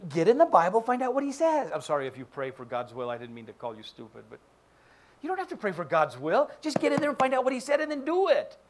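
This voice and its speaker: A man's voice: sits high, quick pace. A male pastor giving a sermon in church, joking and acting out quoted voices. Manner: animated, jokey, acts out quoted voices. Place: church sanctuary.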